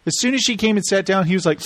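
A man in casual chat, co-hosting and telling stories with animated delivery and quick imitations. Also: high voice, no room sound. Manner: animated storytelling, often mimicking others. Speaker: podcast co-host. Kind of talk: casual chat recapping a reality show.

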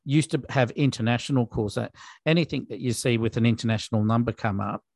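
A man's voice: medium pitch, quick pace, gravelly, a little mellow, no echo, studio quality. A man with an Australian accent, a podcast co-host in casual chat, talking in an exasperated way with stammered restarts.

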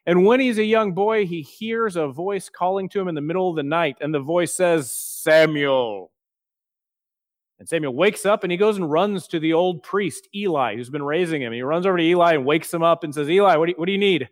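A man preaching a sermon, earnest and plainspoken, slowing down and softening his voice for quoted prayers. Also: fairly high pitch, no echo, studio quality. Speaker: pastor.

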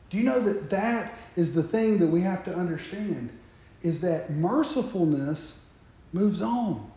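A man's voice: sits high, lively intonation, measured pace, mellow, heavy reverb. A man preaching a sermon, talking straight to the congregation with joking asides.

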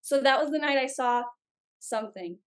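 A young woman tells her story as a podcast guest, her voice sitting a little high. She talks in an animated, chatty way and fills her sentences with little filler words. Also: moderate pace. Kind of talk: casual storytelling.

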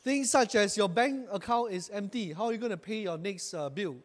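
A man's voice: high-pitched, brisk, in a large hall. A man preaching a sermon as pastor, building to emphatic bursts and calling his congregation to repeat after him.

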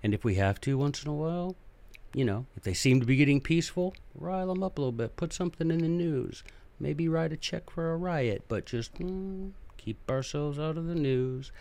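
A man's voice: a little high, lively intonation, moderate pace, creaky, a little mellow. A man hosting a podcast, telling a history story in a casual, chatty way with joking asides and acted-out characters. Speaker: podcast host.

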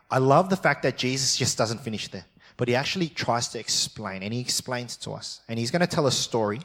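At a church service, a male pastor with a husky, slightly bright mid-range voice preaches a sermon. He talks with his listeners conversationally, checks in with them often, and reads scripture aloud with expression.

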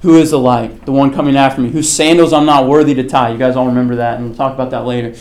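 A man's voice: medium pitch, fairly even intonation, fast talker, darkish tone. A man teaching a casual Bible study class. He talks conversationally, poses questions to the group and answers them himself, with many fillers like "okay" and "like.".

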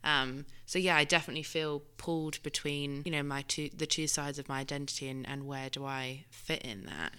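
A woman's voice: sits low, steady tone, brisk, few pauses, bright, forceful tone, clean tone. A woman with a British accent that drifts toward American, chatting in a conversational interview and leaning on fillers like "you know". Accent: British, shifting toward American. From Britain.

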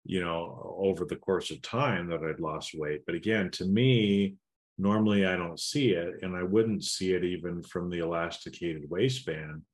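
A man co-hosting a casual podcast chat, relaxed and rambling with many asides. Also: deep voice, normal speed. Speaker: podcast co-host.

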